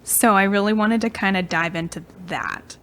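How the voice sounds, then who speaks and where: A woman's voice: medium pitch, moderate pace, a bit bright. A young woman co-hosting a podcast, telling a story in a casual, chatty way, often giggling and trailing off mid-sentence. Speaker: podcast co-host.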